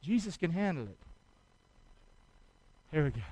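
Man, pastor, high voice, dry close sound, exhorting sermon, call-and-response, out of breath. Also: lively intonation, normal speed, long pauses, fairly bright tone, no echo, rough recording. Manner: exhorting, calls for congregation response; out of breath from effort. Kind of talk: sermon with a live demonstration. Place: church.

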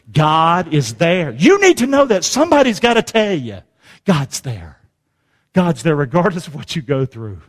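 A male pastor preaching in a church sanctuary, his voice ringing out with a long hall reverb. He sits high for a man and swoops widely in pitch, dropping to near-hushed lines and then climbing to shouts. He leans on call-and-response, urging the room to say the words back to him. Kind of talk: sermon.

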